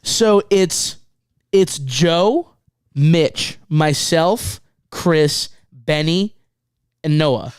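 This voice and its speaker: A man telling a tour story in casual podcast chat, excited, swearing often, repeating himself and laughing mid-sentence. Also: fairly high pitch, drawn-out words, pauses often, clean tone, no room sound, clean studio sound.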